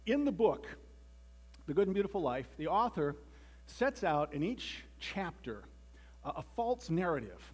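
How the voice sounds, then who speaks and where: A man's voice: high-pitched, sing-song, unhurried, husky. A man giving a conversational sermon with joking asides and frequent restarts, reading a children's story aloud as part of it.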